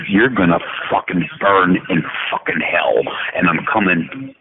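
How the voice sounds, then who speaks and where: A man's voice: low-pitched, measured pace. A middle-aged man leaving a profane, mocking, erratic rant with sarcastic swings, as on a phone message. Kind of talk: angry rambling phone message. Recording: tinny phone line with faint hiss.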